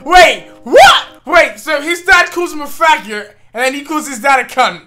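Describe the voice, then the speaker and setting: A young man hosting a reaction video, excitable and loud, with shouted outbursts and swearing. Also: very high-pitched, moderate pace, over music.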